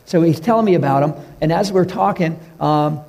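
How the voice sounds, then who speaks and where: A man preaching a sermon, telling stories in an earnest way and dropping his voice low for the tender parts. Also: brisk, vocal fry. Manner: storytelling, earnest, drops to a hush for tender moments. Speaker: pastor. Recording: reverberant hall.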